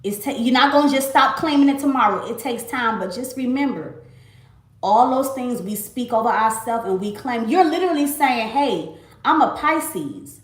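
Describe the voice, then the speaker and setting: A woman from Miami in her late twenties gives an emphatic, repetitive faith testimony on a casual livestream, calling her viewers "y'all". Her fairly high voice has lively intonation and a moderate pace, with a roomy echo around it.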